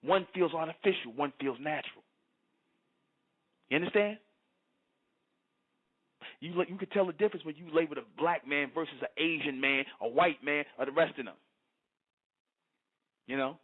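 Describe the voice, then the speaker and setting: A man's voice: on the high side, moderate pace, long pauses. Preachy man on a tinny phone line. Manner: preachy, repetitive, keeps asking "you understand?". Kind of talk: lecturing monologue.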